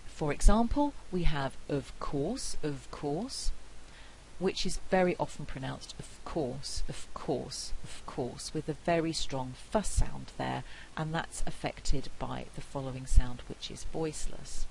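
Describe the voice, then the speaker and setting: A woman giving a recorded phonetics lecture, explaining carefully and repeating example words slowly. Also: low voice, gravelly, a little mellow, slight background noise, low-quality recording.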